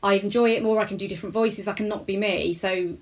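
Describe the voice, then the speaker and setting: A woman talks in a loose, rambling way as an interview guest. She sounds chatty and a little self-deprecating. Her voice sits at a middling pitch for a woman. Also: steady tone, quick pace. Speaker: character comedian guest. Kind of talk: casual interview chat.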